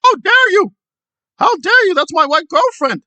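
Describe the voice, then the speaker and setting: A man putting on a mocking impression of a shrill, outraged male protester who rants and makes threats. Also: big pitch swings, moderate pace, pushed and bright, no room sound, heavily acted. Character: indignant shouting man, mocked protester.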